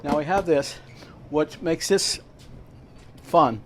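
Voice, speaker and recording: A man with a fairly high voice takes his time demonstrating home cooking in a veterans' hall kitchen. He rambles casually and keeps asking "all right?", with slight background noise present.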